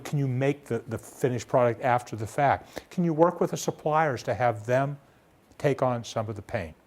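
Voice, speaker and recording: A man giving a live small business seminar, talking in a conversational way full of rhetorical questions. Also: darkish tone. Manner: conversational, rhetorical questions, acts out demanding debtor with raised pitch. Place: seminar room.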